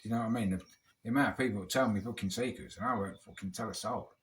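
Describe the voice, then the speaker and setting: A man's voice: lowish voice, racing. British man, casual monologue, rambling, foul-mouthed, blunt, drinking beer. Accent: British English. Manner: rambling, heavy swearing, blunt. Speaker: vlogger.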